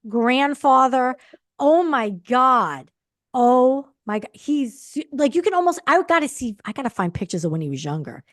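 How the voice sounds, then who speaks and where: A woman co-hosting a recap podcast, chatting casually and gushing excitedly. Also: high voice, normal speed. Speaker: podcast co-host.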